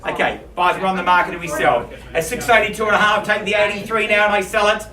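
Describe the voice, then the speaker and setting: A man calling bids in a live auction, with quick, playful patter for the bidders. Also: sits high, fairly even intonation, a crowd in the background. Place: auction room. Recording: echoey room from far off.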